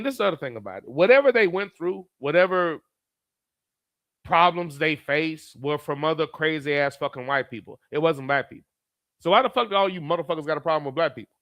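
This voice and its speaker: A man who hosts a stream, reading chat aloud and ranting bluntly. His voice is smooth and resonant, pitched a bit above most men's, with a dry, close sound. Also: a bit bright, dry recording. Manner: blunt, heated, reads viewer comments aloud. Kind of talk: profane live commentary reading chat.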